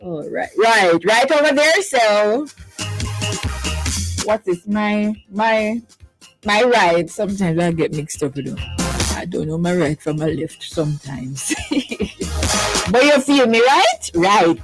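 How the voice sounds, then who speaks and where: A chirpy Jamaican woman hosts a live radio show from the studio, her voice bouncing all over in a lively, animated way. She laughs often and chats warmly to her listeners. Music plays clearly behind her. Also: mid-range voice, slow, low-quality recording. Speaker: radio host.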